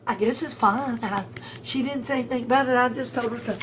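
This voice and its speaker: A woman helping out at a friend's home, chatting casually and soothing the dog gently. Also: a little high, a little fast, a little hiss or hum. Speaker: helper. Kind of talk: casual conversation.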